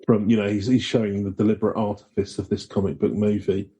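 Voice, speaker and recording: A man co-hosting a podcast in casual comedic chat, excitable and rambling with many restarts. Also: on the low side, fast, slightly rough. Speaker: podcast co-host.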